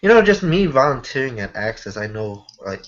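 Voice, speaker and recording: A man co-hosting a casual wrestling chat, talking haltingly with many fillers. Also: mid-range voice, big pitch swings, lo-fi sound. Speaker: wrestling show co-host.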